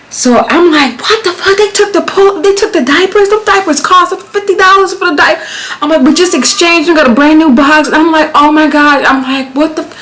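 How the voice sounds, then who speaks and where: An American woman in her thirties, a vlogger casually telling a story, growing heated and animated as she retells it. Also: medium pitch, rough recording. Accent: American, Las Vegas. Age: 30s. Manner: animated, swearing, rising to exclaim in quoted retellings.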